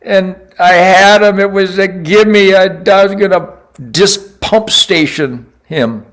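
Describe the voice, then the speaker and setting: An older man casually telling a hunting story as host, boastful and animated, swinging between loud outbursts and quiet mutters. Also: high voice, slow.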